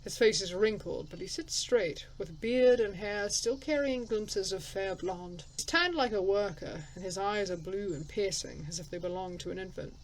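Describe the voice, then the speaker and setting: Her voice sits in the mid range, moving at a moderate pace with hardly any pauses, and the recording quality is low. Playing a story game as a let's player, she reads the text aloud and thinks out loud in chatty, casual remarks, laughing at herself along the way.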